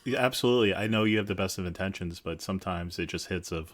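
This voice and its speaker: Deep-voiced, easygoing middle-aged man. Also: fast talker, hardly any pauses, no echo. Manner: easygoing and candid, lots of "like". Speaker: podcast co-host. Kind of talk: casual conversation with his wife.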